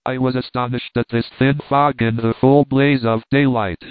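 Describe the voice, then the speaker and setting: A man reading an adventure novel aloud as a measured storybook narration. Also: medium pitch, steady tone, clear, resonant tone, dry recording. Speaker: audiobook reader. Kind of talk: scripted narration. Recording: dry, tinny phone-like sound.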